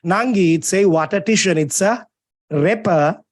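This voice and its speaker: A man's voice: sits high, normal speed. A young man with a Sri Lankan English accent teaching English literature in an online lecture. He teases students playfully and answers his own questions. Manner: playful, teasing, asks questions and answers them himself. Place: home or classroom, streamed over a video call. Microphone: video call microphone.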